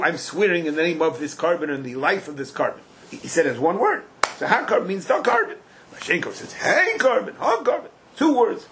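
Animated man teaching in a sing-song lilt. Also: a little high, a little hiss or hum, rough recording. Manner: animated, sing-song chanting of the Hebrew and Aramaic text. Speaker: Talmud teacher. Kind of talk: Talmud class lecture.

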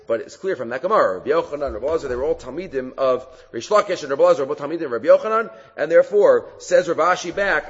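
Man teaching a Talmud class, somewhat high and husky voice, halting delivery, reverberant hall, dull lo-fi sound. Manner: animated, acts out quoted rabbis in a raised voice; halting, with many fillers and restarts.

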